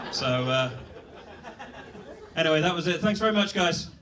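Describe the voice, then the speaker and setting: Brit guy doing standup, kinda rambly, bit higher voice, mic a bit far off. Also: animated, normal speed, long pauses, background noise. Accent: British. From Britain. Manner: self-deprecating, rambling with fillers and restarts. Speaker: stand-up comedian. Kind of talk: stand-up set. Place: comedy club stage.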